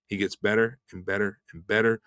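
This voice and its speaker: A man who hosts a casual online show and talks fast and eagerly, with plenty of fillers. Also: lowish voice, no echo, studio quality. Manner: rushed, energetic promo talk with fillers. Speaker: host.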